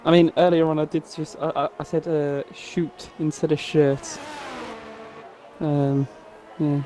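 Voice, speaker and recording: Slightly hoarse joking race commentator man. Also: a little high, a little slow. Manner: jokey, reads out chat messages. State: voice a bit off, hoarse. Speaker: sim racing commentator. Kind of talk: casual live race commentary. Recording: steady background noise.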